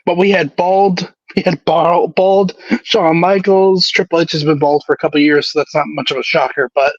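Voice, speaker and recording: Here the co-host of a casual wrestling recap show talks at a moderate pace in a fairly high voice with fairly even intonation. He's joking, laughing a lot and repeating words, and the sound is dull, dry and lo-fi.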